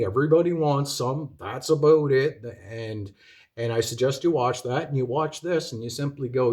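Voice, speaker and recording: Exasperated and swearing, this man from Canada lectures his audience in a one-sided rant, firing off rhetorical questions. He's a video commentator whose voice is medium in pitch and a little mellow.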